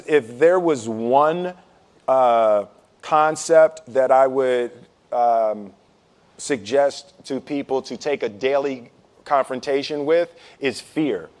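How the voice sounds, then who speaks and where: A man's voice: mid-range voice, slow. A man telling a personal story in a casual talk, acting out bits of dialogue and checking in with "right?" often. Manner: animated, acts out dialogue, frequent "right?". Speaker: speaker.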